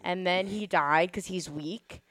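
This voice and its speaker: A young adult Italian-American woman, a comedian guest on a podcast, rambling in a self-deprecating, animated way. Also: lowish voice, a little slow.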